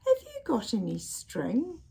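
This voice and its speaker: A woman voicing an eager, inventive male squirrel in a storybook, bright and urging. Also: on the high side, huge pitch swings, slow pace, vocal fry, pitched above the performer's own voice, full character voice.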